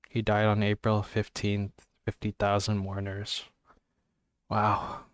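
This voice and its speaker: A man's voice: lowish voice, completely flat delivery, moderate pace, no room sound. A young man reading book blurbs aloud in a casual vlog, with offhand jokey asides and stumbles over words. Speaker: book vlogger.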